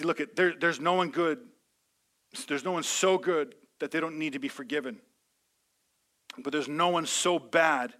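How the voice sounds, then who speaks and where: A man preaching a sermon to a congregation. He speaks to them directly, and his delivery rises from calm teaching to loud, impassioned preaching. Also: medium pitch. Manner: addresses the audience directly, calls for responses. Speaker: pastor. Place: large room with a live congregation.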